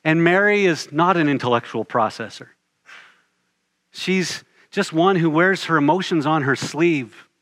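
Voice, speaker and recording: A man's voice: fairly high pitch, lively intonation, unhurried, fairly bright tone. A man preaching a sermon in an earnest way, building his points through repeated phrases.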